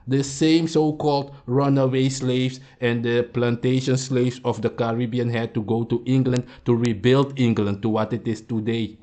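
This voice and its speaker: A man talks back at clips he is reacting to, confrontational and lecturing. His voice sits in a middle pitch, and he often trips over repeated words as he gets going. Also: steady tone, moderate pace, few pauses, mellow. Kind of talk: heated commentary.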